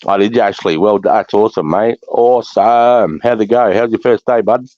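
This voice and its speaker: A man's voice: on the low side, normal speed, a little mellow. A man in casual chat, rambling through stories with heavy swearing. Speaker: voice chat member. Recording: dull lo-fi dry sound.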